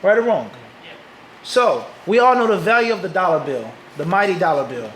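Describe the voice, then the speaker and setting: A man's voice: high-pitched, lively intonation, moderate pace, a bit bright, roomy sound, slight background noise, rough recording. A man from Philadelphia with an American accent, teaching a live audience and often asking rhetorical questions before answering them himself. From Philadelphia, USA. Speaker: Islamic teacher.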